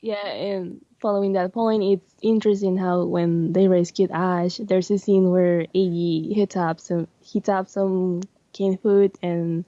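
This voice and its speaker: A woman, a guest on a podcast, talking in a measured, thoughtful way. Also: fairly low pitch, little pitch movement, warm tone, dry recording. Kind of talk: casual podcast discussion. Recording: muffled dry lo-fi audio.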